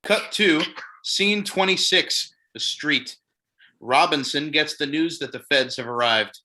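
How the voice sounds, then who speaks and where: A man reads stage directions aloud for a comedic staged play, with dry, deadpan asides. His voice is very bright, forceful and fairly high. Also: takes it slowly. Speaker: narrator reading stage directions.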